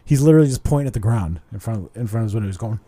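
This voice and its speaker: A man's voice: on the low side, racing. A man hosting a podcast, telling stories in casual chat and swearing freely. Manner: animated storytelling, swears a lot. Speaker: podcast host.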